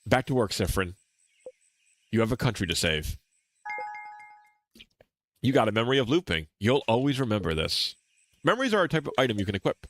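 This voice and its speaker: A man's voice: medium pitch, a bit bright, dry recording. A man streaming a game playthrough, reading its dialogue aloud expressively and chatting with viewers.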